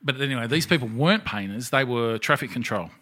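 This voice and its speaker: A man's voice: medium pitch, fast talker. An Australian man co-hosting a podcast, telling stories in casual, sweary chat. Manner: sweary, animated storytelling. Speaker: podcast co-host.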